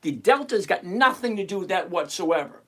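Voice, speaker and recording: The host, a middle-aged man with a high voice and moderate pace, reads out chat names and questions during his covered-call trading livestream. He comes across brash, animated and playfully teasing.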